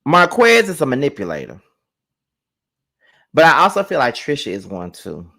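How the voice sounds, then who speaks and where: A man's voice: medium pitch, wildly swooping pitch, normal speed, vocal fry, bright, forceful tone. A man giving a live reality TV recap, ranting to his viewers with lots of profanity. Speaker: TV show reviewer.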